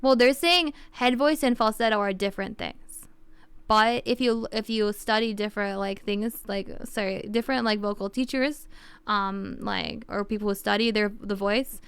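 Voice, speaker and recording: A woman streamer talking casually on her livestream, thinking aloud and circling back with constant fillers. Her voice is very clear and crisp, with a gravelly fry at the edges. The sound is dry and close. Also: mid-range voice, fairly even intonation, normal speed, fairly bright tone, no echo.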